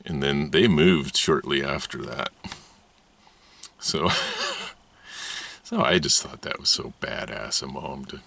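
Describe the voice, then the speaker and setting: Low-voiced man telling a rambling story. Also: slow, vocal fry, pauses often. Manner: laughs often, gets high and animated telling the story. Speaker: channel host.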